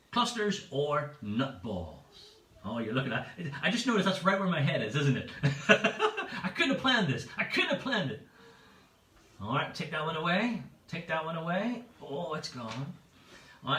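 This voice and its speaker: A cheerful, bright-voiced man runs a pub quiz from home over a livestream, reading each option aloud in a chatty, playful way with a pitch that swings widely. He sits back from the mic, so the room sounds echoey and distant.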